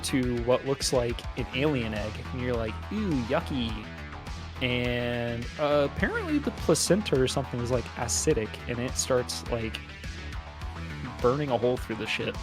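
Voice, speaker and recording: Man, podcast co-host, casual film recap, profane, jokey, clear music underneath. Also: mid-range voice, sing-song, normal speed. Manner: rambling, profane, jokey asides. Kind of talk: casual movie recap chat.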